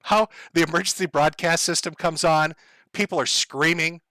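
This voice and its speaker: A bright-toned man rants sardonically on his livestream, swearing freely and breaking into laughter. His voice sits fairly high and sounds dry and close. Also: fairly even intonation, moderate pace, dry recording. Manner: sardonic, profane, laughs often. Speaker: livestream host. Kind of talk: casual livestream rant.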